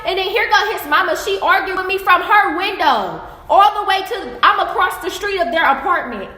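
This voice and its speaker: A woman's voice: very high-pitched, moderate pace. Young woman vlogger, blunt and profane, phone recording in an echoey room. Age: young adult. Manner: blunt, profane, animated retelling. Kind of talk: casual storytelling vlog.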